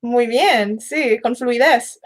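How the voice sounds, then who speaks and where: A woman's voice: a little high, slow. Chatty woman host. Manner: chatty, laughs easily. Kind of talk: casual interview chat.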